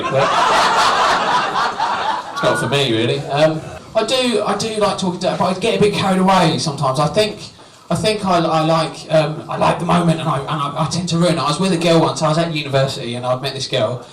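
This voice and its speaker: A young man performs a stand-up set at a small comedy venue, cheeky and self-mocking as he chats with the crowd. His voice sits on the high side, and the roomy, distant recording picks up the audience laughing and cheering, plus slight background noise.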